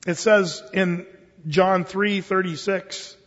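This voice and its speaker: A man preacher telling a sermon story, dramatic and shifting between hushed and emphatic delivery. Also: high voice, measured pace, slightly rough, big-room sound, lo-fi sound.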